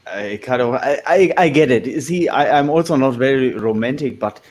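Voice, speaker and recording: Halting man chatting. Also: medium pitch, lively intonation, darkish tone. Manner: halting, searching for words, laughs often. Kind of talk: casual chat.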